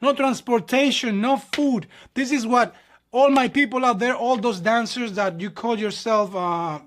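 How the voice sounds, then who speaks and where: A man's voice: very high-pitched, measured pace, fairly bright tone, a little hiss or hum. A young man, a ballet dancer from New York, chatting casually and animatedly, acting out dialogue and calling viewers "my people". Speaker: ballet dancer and channel host. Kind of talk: casual chat.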